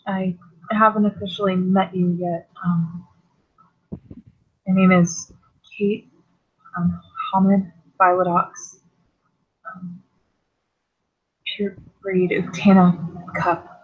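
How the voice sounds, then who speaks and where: A woman voicing a timid young female werewolf who speaks meekly and haltingly. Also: fairly low pitch, flat delivery, slightly rough, highs cut off. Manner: meek, quiet, halting.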